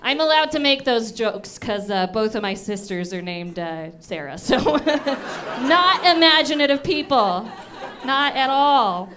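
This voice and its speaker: A woman in her thirties performs stand-up in a comedy club, playfully telling self-mocking stories into a handheld mic. Her voice is a little high, expressive and slightly slow, with crowd noise filling a noisy background.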